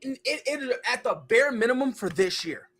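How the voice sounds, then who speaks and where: Bright-voiced man ranting on a podcast. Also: very high voice, normal speed, husky. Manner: ranting, joking, animated. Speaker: podcast host. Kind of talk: casual sports chat.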